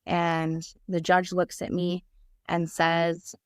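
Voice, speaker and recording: A woman's voice: lowish voice, monotone, slow, clear, resonant tone, no echo, studio quality. A woman guest on a podcast telling a personal story candidly and vividly, acting out the dialogue she recalls. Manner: vivid storyteller who acts out quoted dialogue; earnest and candid.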